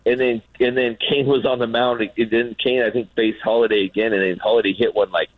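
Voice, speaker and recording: On a radio show, a man who used to play baseball chats casually, telling stories in a medium-pitched, fairly quick voice. He restarts often, repeats words and animatedly acts out quotes. There's no room sound, and the audio has a narrow, phone-like quality.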